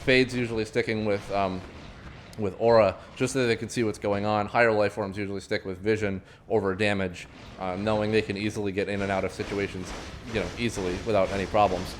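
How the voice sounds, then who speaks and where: A man's voice: on the low side, level tone, brisk, slight background noise. A man from Florida giving live play-by-play commentary on a team game, talking with frequent fillers and self-corrections, his throat strained from allergies. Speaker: esports commentator.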